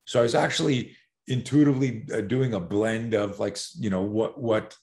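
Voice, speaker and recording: This man in his sixties has a low-pitched voice. He is an animated guest who tells stories with profanity. He acts out quoted lines as he goes. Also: moderate pace. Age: 60s. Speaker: self-defense expert guest. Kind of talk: podcast storytelling.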